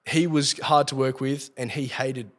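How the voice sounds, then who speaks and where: A man's voice: mid-range voice, steady tone, moderate pace. An Australian man telling a long story as a podcast guest, swearing constantly and rambling as he goes. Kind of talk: casual storytelling. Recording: long hall reverb.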